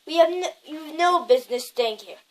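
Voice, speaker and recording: A woman doing Dumbledore, calm old wizard. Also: high-pitched, normal speed. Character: old calm kindly male wizard headmaster.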